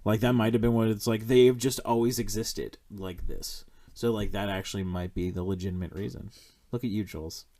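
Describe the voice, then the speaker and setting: A young man hosting a podcast, chatting casually about a film in a blunt, profane, animated way. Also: on the low side, brisk. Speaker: podcast host.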